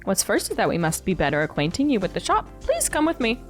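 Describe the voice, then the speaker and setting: A woman voicing a gentle, unhurried tea shop keeper in a video game, speaking formally and coaxing someone to rest. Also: medium pitch, huge pitch swings, faint music behind.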